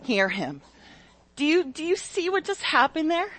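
A woman preaching a sermon with a conversational, animated delivery that swings from loud exclamations to soft scripture reading and speaks straight to her listeners. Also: very high voice, brisk. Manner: conversational, addresses listeners directly.

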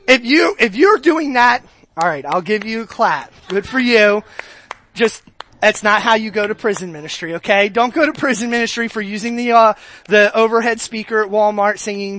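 A man's voice: high-pitched, sharp tone. A man preaching a sermon as pastor, talking to the congregation conversationally, asking rhetorical questions and repeating his words.

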